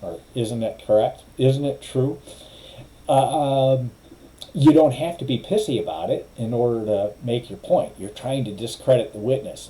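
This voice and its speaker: Middle-aged guy, lawyer, riffing on a court case, wry and opinionated, warm low-key tone. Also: a little hiss or hum, rough recording. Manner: opinionated, wry, mimics others' phrasing. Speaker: lawyer commentator. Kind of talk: casual commentary.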